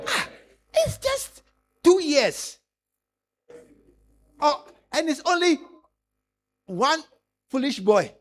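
A male preacher with a strikingly high voice that swings up and down. He tells stories with lots of laughter and acts them out, keeping the congregation engaged. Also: wildly swooping pitch, very slow, long pauses, a bit bright. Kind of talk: lively sermon.

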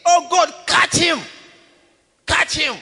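A man voicing the vengeful blood of a murdered man, shouting and pleading for revenge. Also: very high voice, fairly even intonation, slow, in a large hall, voice pushed up, heavily acted.

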